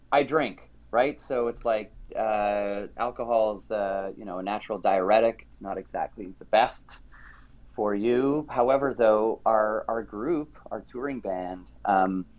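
A middle-aged man, a singer being interviewed, telling stories in a lively way and acting out other people's lines. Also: on the low side, slow pace, lo-fi sound. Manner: lively, acts out quoted voices, frequent restarts. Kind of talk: animated storytelling interview chat.

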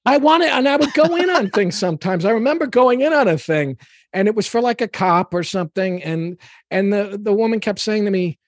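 An American man chatting casually as a guest actor, an animated storyteller who slips into gruff impressions. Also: high voice, brisk, dry recording. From United States. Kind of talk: casual chat.

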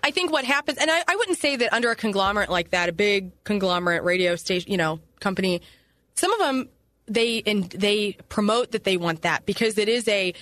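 Brief: animated, chatty woman from St. Louis, guesting on a podcast. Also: mid-range voice, no echo. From St. Louis, USA. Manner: animated, chatty, quick asides. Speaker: radio personality, podcast guest. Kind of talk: casual podcast chat.

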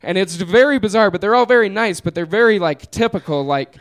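In a clean, high-pitched voice and at a fairly quick pace, a young man performs a funny story for a small live audience. He's a comedian on stage, laid-back and laughing as he goes.

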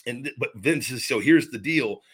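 A man in his forties tells a story on a podcast, with a bright, forward tone. He rambles and circles back, restarting sentences and repeating words as he goes. His pitch sits in a middling range. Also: expressive, normal speed, husky. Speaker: podcast host, former wrestler. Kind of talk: casual storytelling chat.

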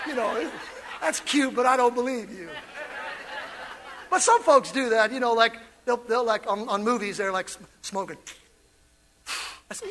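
A man preaching an energetic, playful sermon in a church, calling out to the congregation and laughing along with it. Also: very high voice, normal speed, slight background noise. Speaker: pastor.

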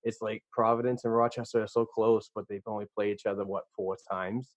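A man with a Boston accent, a podcast guest chatting casually in a rambling, animated way with many restarts. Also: on the low side, brisk, no echo. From Boston area, USA. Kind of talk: casual chat. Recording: dull lo-fi remote line.

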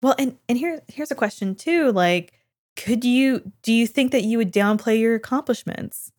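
A woman's voice: fairly high pitch, normal speed, darkish tone, no room sound, clean studio sound. A woman co-hosting a podcast in casual chat, thoughtful and wry. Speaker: podcast co-host.

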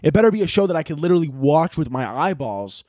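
A young man hosting a podcast, talking in a loose, rambling comedic monologue, swearing and breaking into shouted mock-dramatic lines. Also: on the high side, sing-song, fast, no echo, studio quality. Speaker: podcast host.

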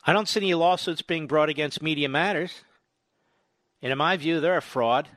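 A male talk radio host rails into the studio mic with sarcastic indignation, leaning hard on each point. His voice sits a bit high for a man, and the room is dead dry with no echo at all. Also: moderate pace, fairly bright tone. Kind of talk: opinionated talk radio monologue.

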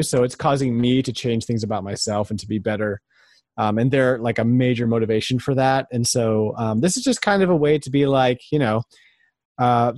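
A man in his thirties co-hosts a casual podcast, speaking earnestly and pausing often on fillers. His pitch sits in the middle of the usual range. The recording is dry and close. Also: darkish tone, dry recording. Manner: earnest, hesitant with many fillers. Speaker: podcast co-host. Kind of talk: casual chat.

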